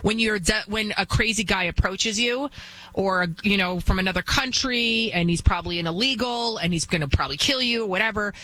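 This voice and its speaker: A woman's voice: medium pitch, a little fast, sharp tone, low-quality recording. A woman hosting a talk show, delivering an emphatic, blunt monologue that repeats its points and keeps asking "right?".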